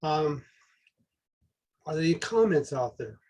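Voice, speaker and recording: A man's voice: a little high, very animated, unhurried, a little mellow. A man moderating the questions on a video call in a joking, inviting way.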